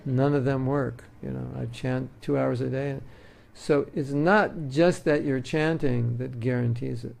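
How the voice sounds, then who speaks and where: Gravelly-voiced man giving a devotional talk. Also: mid-range voice, steady tone, a little slow, hardly any pauses, a little mellow. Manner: conversational, joking, uses homely examples. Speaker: spiritual teacher.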